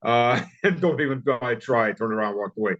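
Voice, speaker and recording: A man in his fifties with a Southern US accent, a guest telling stories in an interview, blunt and wry, halting with many fillers and restarts. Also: mid-range voice, a bit bright. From southern United States. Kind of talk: casual interview storytelling. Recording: dull lo-fi audio.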